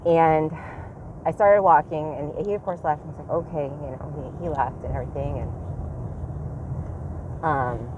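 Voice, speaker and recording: A woman in her thirties speaks in a low, deep voice in a casual personal vlog. She talks candidly, rambling and reflecting on herself. Street traffic and a passing train are clearly heard behind her outdoors. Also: steady tone, measured pace, pauses often, muffled recording. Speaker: parent vlogger. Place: outdoors near a train line.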